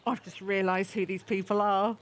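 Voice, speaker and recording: A woman's voice: mid-range voice, little pitch movement, normal speed, slight background noise. A woman hosting a gaming channel, chatting and giggling to herself as she plays. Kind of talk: game playthrough commentary.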